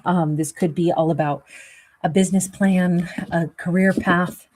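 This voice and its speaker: A woman's voice: fairly low pitch, fairly even intonation, measured pace, a little mellow. A woman host giving a casual tarot reading, wheezy and rambling, with plenty of fillers. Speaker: tarot reader.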